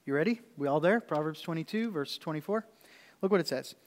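A man's voice: on the high side, expressive, a little fast. A male pastor in his thirties preaching a sermon in a church, often asking the congregation questions. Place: church sanctuary. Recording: reverberant church hall.

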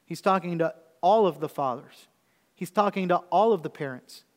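A man's voice: sits high, normal speed. A male pastor in his thirties preaching a sermon in a church, often asking the congregation questions. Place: church sanctuary. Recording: reverberant church hall.

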